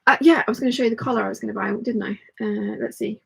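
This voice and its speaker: A woman's voice: on the high side, very fast, vocal fry, breathy edge, low-quality recording. A woman hosting a casual sewing live stream, chatting and rambling as she thinks aloud and answering viewer comments. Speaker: sewing channel host.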